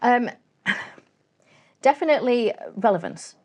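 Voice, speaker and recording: A woman's voice: fairly high pitch, lively intonation, measured pace. A woman, the guest, explaining her work in a casual, straight-talking interview chat and acting out little bits of dialogue as she goes. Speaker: guest, cybersecurity company CEO.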